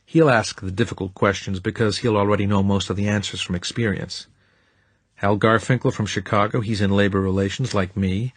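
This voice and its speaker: A man's voice: on the low side, steady tone, brisk, dry recording, lightly acted. A man voicing a touchy, menacing male hitman with a curt, threatening manner. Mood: briefing.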